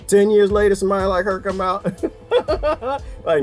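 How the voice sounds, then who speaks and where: Man, high-pitched, animated casual rant, faint background music. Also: a little slow. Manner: animated, laughs often, answers chat comments. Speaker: channel host talking to viewers.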